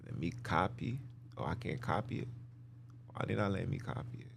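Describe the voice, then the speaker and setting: A man's voice: low-pitched, moderate pace, gravelly, a little hiss or hum. A man hosting a podcast, giving emphatic, repetitive religious commentary in casual slang while he talks his listeners through slides. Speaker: podcast host.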